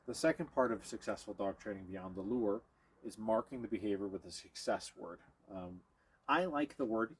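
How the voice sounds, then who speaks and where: A man with a lowish, husky voice, speaking at normal speed, gives a hands-on dog training demonstration. He walks viewers through each step while working with the dog, pausing now and then to praise or coax it.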